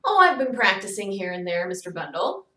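A woman voicing a courteous, flattering gentleman in a read-aloud storybook, speaking a little louder than her narration. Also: mid-range voice, brisk. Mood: courtly. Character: charming, smooth-talking gentleman violinist. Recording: echoey room, distant mic.

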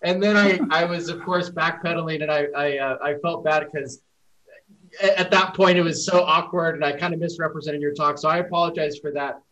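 A man's voice: fairly high pitch, steady tone, a little fast, fairly bright tone, dull audio. A man hosting a casual panel discussion over a video call, telling a long self-deprecating story in a rambling way. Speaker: panel host.

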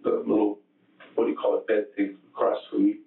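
A murder suspect being questioned by police speaks in a low, gravelly monotone, giving flat, halting testimony that keeps restarting. The archive tape is tinny and echoey, catching him from a distance across the room.

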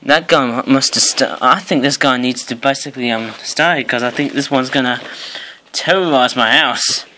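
Hoarse man, Australian accent, casual review vlog, rambling and hesitant, mid-pitched voice. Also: normal speed, bright, forceful tone, slight background noise, low-quality recording. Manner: rambling, hesitant, self-correcting. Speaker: toy reviewer.

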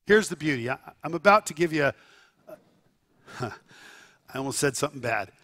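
A male pastor preaching a sermon, telling stories with lively asides to the congregation and sudden shouts. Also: on the high side, moderate pace. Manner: animated storytelling with asides to the congregation.

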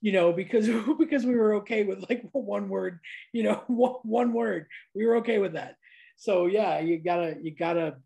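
A woman's voice: medium pitch, normal speed, gravelly, mellow, slightly rough. Chatty woman host, laughs often. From Niagara Falls, New York, USA. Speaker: podcast host. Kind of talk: casual interview chat. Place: lives abroad, recorded at home with cats.

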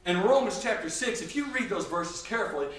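A man's voice: high-pitched, lively intonation, quick pace. Brief: emphatic man preaching a sermon, heard from a distance in a big, echoey church. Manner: emphatic, shifts between loud and quiet.

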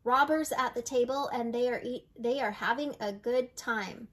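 Woman doing a friendly eager storybook donkey, high voice, gently raised. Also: normal speed, close to an everyday voice. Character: friendly male donkey who leads the animals.

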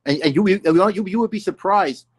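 A man's voice: high-pitched, a little fast, husky. A man in his sixties, a guest musician, telling long rambling stories in a casual interview, full of restarts and "you know".

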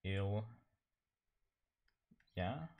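A man's voice: lowish voice, animated, extremely slow, creaky, narrow, tinny audio, a little hiss or hum. A man chatting casually while painting on a live stream, rambling and self-deprecating, laughing often.

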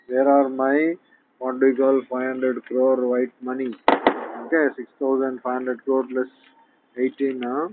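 A man's voice: mid-range voice, completely flat delivery, a little slow. Man, angry rambling news rant, muffled tinny line with a faint hiss. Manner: angry, ranting, peppered with "huh?" and "okay?". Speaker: channel host. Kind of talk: rambling monologue reading out news headlines. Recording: tinny phone-like audio with faint noise.

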